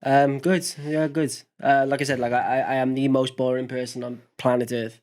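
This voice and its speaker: A man, co-hosting a podcast in casual chat and telling stories with animated voices. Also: medium pitch, moderate pace. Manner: animated storyteller, acts out voices. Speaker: podcast co-host.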